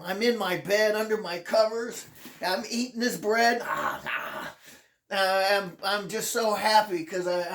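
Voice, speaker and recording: A channel host telling a personal memoir in an earnest, halting way, often restarting sentences and sounding emotional, close to tears at times. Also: medium pitch, a bit bright, reverberant.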